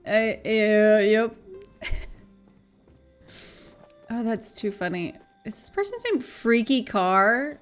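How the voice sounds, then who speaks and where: A woman's voice: on the high side, expressive, slow pace, long pauses, faint music behind. A woman streaming a game live, chatty and giggly, talking to her viewers and swearing now and then. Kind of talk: casual chat while gaming on stream.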